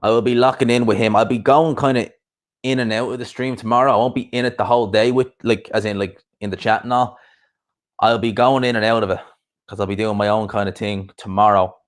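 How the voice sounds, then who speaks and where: A young man talks in a loose, rambling way, hopping from one aside to the next. His voice sits a little on the low side, and he keeps a relaxed, casual live-stream manner throughout. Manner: rambling, chatty, quick asides and laughs. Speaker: YouTube boxing streamer.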